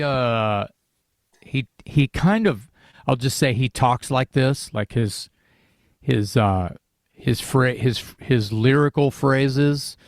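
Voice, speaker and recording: A man's voice: mid-range voice, creaky, no echo, studio quality. A man in a casual podcast discussion about an album, talking in rambling sentences with many restarts and fillers.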